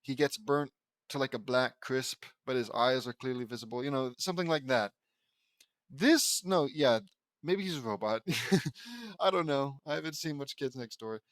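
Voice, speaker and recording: A man's voice: mid-range voice, lively intonation, normal speed, no echo. A man reading aloud in a dry, close voice. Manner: stumbling, rambling asides with restarts. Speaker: audiobook reader. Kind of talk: reading fan fiction aloud with commentary.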